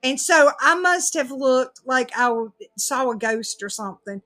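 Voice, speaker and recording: A woman spins a funny story in easygoing podcast chat. Her voice sits high and sparkles with brightness, and she keeps breaking into laughter as she goes. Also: unhurried, faint music behind. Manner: animated, laughing through the story. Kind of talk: casual storytelling.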